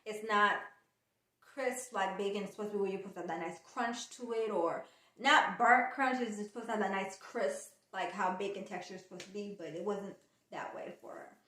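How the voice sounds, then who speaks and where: A woman's voice: medium pitch, brisk, reverberant. A woman vlogger from the United States telling a travel story in a casual, chatty way, acting out the people she quotes. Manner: chatty, animated retelling with quoted dialogue.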